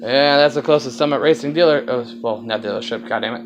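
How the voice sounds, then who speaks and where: A man's voice: mid-range voice, fairly quick, noisy background. A man with a slight Southern accent filming a rambling, casual walkaround of his car project, swearing now and then.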